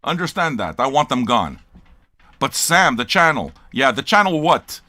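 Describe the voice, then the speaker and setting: Older man ranting, bright and lively. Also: medium pitch, moderate pace, dry recording. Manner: profane, blunt, rambling. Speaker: host of a record-listening show. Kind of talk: casual livestream rant.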